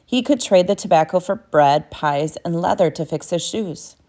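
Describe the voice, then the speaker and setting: A woman's voice: on the low side, moderate pace, warm tone. A woman narrating a novel as an audiobook, reading steadily with small self-corrections.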